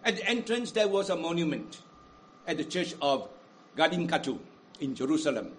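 Man preaching, high voice, dramatic swings in loudness, faint background noise. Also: big pitch swings. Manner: dramatic, big swings in loudness, slows down for emphasis. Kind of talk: sermon.

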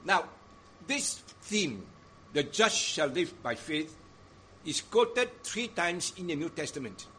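A man preaching a sermon in a deliberate, emphatic way, stressing repeated phrases. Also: on the high side, big pitch swings, a bit bright, a little hiss or hum.

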